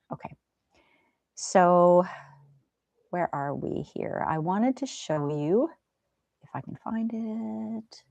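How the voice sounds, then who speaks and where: A woman hosting a livestream in a gentle, chatty way, reading viewer comments aloud. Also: lowish voice, no room sound. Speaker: livestream host. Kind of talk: casual chat.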